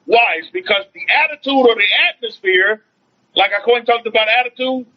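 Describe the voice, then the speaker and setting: A high-pitched man preaches as a rabbi in an informal online teaching, repeating his phrases and asking rhetorical questions. He reads out comments from viewers as he goes. The sound is dull and lo-fi, like a livestream. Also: a little fast. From United States. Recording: dull lo-fi stream audio.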